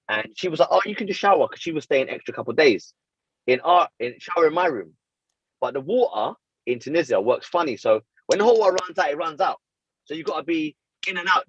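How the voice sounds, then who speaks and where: A man, co-hosting a casual chat and telling a story with lively, self-mocking slang. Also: a little high, husky, no echo, muffled recording. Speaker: podcast co-host.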